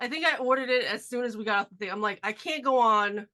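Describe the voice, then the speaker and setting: A woman hosts a casual podcast conversation over a video call from her cold garage, sounding nasal because she has a cold. Her fairly high voice is pushed and bright, and she comes across as chatty and upbeat, tossing in quick asides.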